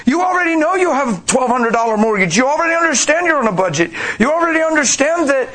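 High-voiced man preaching emphatically. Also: animated, fairly quick, fairly bright tone. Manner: emphatic, with rhetorical questions and calls to the congregation. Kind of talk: sermon.

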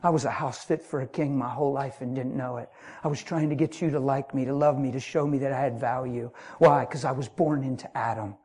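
A middle-aged man preaching a sermon, passionate, laughing often, swinging from loud to hushed. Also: medium pitch, steady tone, a little fast, hardly any pauses.

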